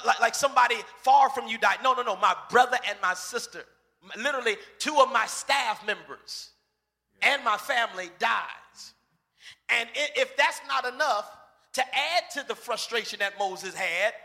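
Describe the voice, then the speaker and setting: A man preaching a lively sermon, acting out the voices of bible characters and shouting for emphasis. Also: very high-pitched. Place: church sanctuary. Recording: reverberant church hall.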